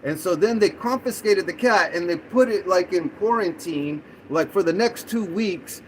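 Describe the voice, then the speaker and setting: Animated, rambling man. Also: high-pitched, normal speed, a little hiss or hum, poor audio. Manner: rambling, animated, peppered with "dude" and "you know what I'm saying". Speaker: livestream host. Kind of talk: casual storytelling on a livestream.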